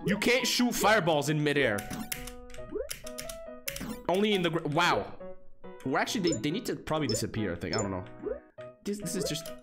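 A young man streams a game and talks over it in loose, mocking commentary, swearing often and breaking into shouts of disbelief. His voice sits a little high and swings widely in pitch. Faint music plays behind him. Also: very animated, a little fast. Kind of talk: casual gameplay commentary.

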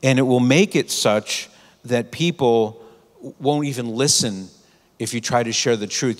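A man's voice: mid-range voice, measured pace, long reverb tail. A man giving a conference talk, telling stories and offering earnest advice to the audience. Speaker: conference speaker. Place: conference hall.

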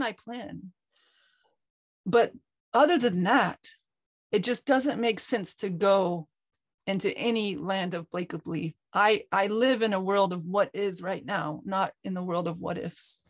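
During a group call, this online talk co-host tells a personal story frankly and with energy, often starting over and using fillers along the way. The studio-quality recording has no echo, and her pitch is medium.

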